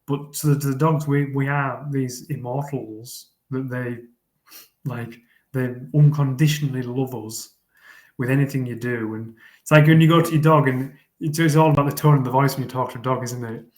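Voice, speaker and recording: A man's voice: medium pitch, fairly even intonation, normal speed. Earnest rambling man, roomy sound. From England. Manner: earnest, rambling with repeated words. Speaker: guest, fell runner. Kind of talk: casual interview chat. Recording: roomy echo.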